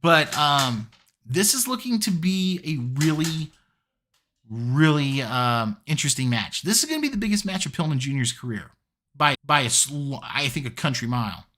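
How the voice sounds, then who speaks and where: A man's voice: a little high, big pitch swings, normal speed, sharp tone. A man giving a casual solo review of a wrestling show, chatty with lots of fillers and easy laughs.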